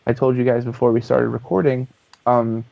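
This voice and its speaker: A man guest on a podcast telling a story in a lively, casual way, swearing freely. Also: mid-range voice, normal speed, vocal fry, dry recording. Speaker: guest, author and voice actor. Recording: dull lo-fi podcast audio.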